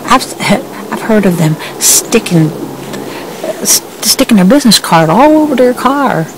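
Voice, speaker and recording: A woman's voice: medium pitch, lively intonation, a little slow, far from the mic, background noise. A woman who works as a process server, chatting in a rambling vlog style with many fillers and restarts, laughing between sentences. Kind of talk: casual storytelling vlog.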